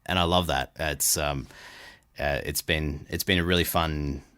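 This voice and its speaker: A man's voice: rumbling low, steady tone, a little slow, fairly bright tone, no echo, studio quality. A middle-aged Australian man with an Australian accent, chatting casually as a voice-actor guest, laughing often and restarting his sentences. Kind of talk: casual interview chat.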